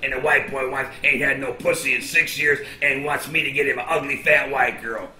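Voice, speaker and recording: An older man telling rambling, profane, boastful stories as an interviewee, sometimes breaking into shouting. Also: medium pitch, fairly even intonation, moderate pace, a little hiss or hum. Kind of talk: rambling storytelling. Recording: echoey with loud music.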